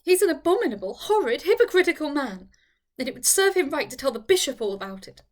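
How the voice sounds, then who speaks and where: A woman's voice: high-pitched, lively intonation, brisk. A woman reading aloud and voicing a distressed young widow, breathless and upset, in an audiobook. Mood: indignant.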